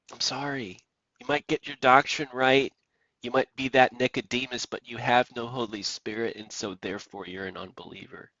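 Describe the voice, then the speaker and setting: A man's voice: medium pitch, dry recording, highs cut off. A man preaching on the radio, emphatic and repeating phrases for stress. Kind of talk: preaching monologue.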